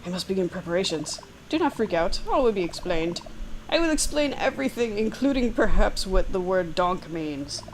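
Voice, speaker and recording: A woman's voice: medium pitch, expressive, moderate pace, hardly any pauses, a little hiss or hum, close to an everyday voice, low-quality recording. A woman voicing a wry, conspiratorial young woman, reading an interactive text game aloud.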